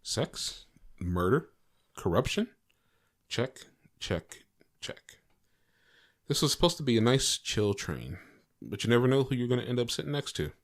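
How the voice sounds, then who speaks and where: A man hosting a podcast quiz segment, reading a movie clue with playful dramatic pauses. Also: mid-range voice, big pitch swings.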